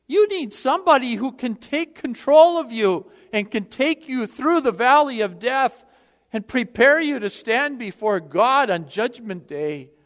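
A man preaching a sermon with passion, swinging between loud appeals and hushed prayer. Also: very high voice, in a large hall.

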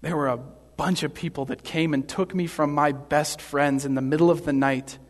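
A man voicing a calm, gentle figure in a soft, soothing way, his voice echoing in a hall. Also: on the high side, moderate pace, lightly acted. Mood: calm, comforting.

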